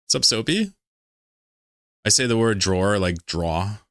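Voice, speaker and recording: Male streamer from Pennsylvania, low voice, loose joking chat with viewers, some cursing, dry recording. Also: lively intonation, measured pace, a bit bright, no echo. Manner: rambling, joking, swears freely. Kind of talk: casual live-stream chat while gaming.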